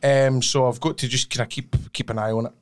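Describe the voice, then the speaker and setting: A Scottish man co-hosting a podcast, chatty and quick to quiz the others, just getting over an illness. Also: medium pitch, little pitch movement. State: recovering from an illness. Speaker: podcast co-host. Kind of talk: casual banter, storytelling. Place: podcast studio.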